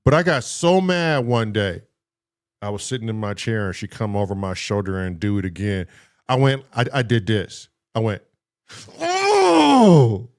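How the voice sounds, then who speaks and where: A man's voice: lowish voice, normal speed, clear, resonant tone. A man co-hosting a podcast, telling a childhood story in casual chat, laughing and acting out the voices in it. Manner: animated, laughing, acts out voices in his story. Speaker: podcast co-host.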